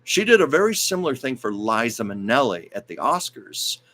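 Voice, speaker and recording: A man's voice: mid-range voice, big pitch swings, normal speed, pushed and bright. A man hosting a casual livestream, telling stories in a chatty, rambling way and reading viewer comments aloud. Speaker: host of a livestream show.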